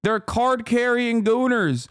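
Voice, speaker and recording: A man streaming casual reaction commentary, talking emphatically, with frequent profanity and quick asides. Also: very high voice, a bit bright, clear, resonant tone, dry recording, studio quality.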